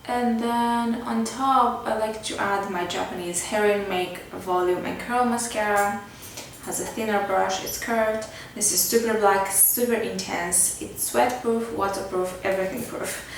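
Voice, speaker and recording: Speaking unhurriedly with a creaky, medium-pitched voice and fairly even intonation, this woman is a beauty vlogger walking viewers through a makeup tutorial. She's chatty and leans heavily on "like" and "kinda." Her mic is distant in a very echoey room with faint noise behind her.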